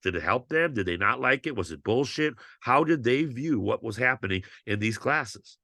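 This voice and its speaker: A man's voice: medium pitch, lively intonation, normal speed, creaky, sharp tone, dry recording, studio quality. A male teacher lecturing his students in an impassioned, blunt way, swearing freely.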